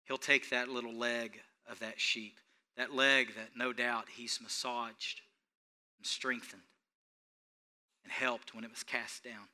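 A man preaching a sermon as pastor, swinging between hushed storytelling and loud, emphatic lines. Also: medium pitch, level tone, takes it slowly.

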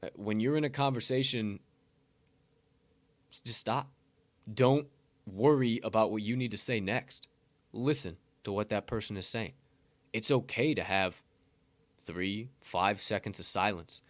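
A podcast co-host giving a casual motivational talk, blunt and profane, rambling with many restarts. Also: male voice, fairly low pitch, a little slow, pauses often, dry recording.

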